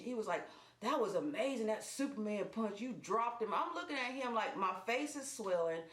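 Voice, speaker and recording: A woman telling a personal story in casual vlog style, animated and speeding up in quick bursts. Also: medium pitch. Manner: animated, fast bursts when retelling action. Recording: echoey room.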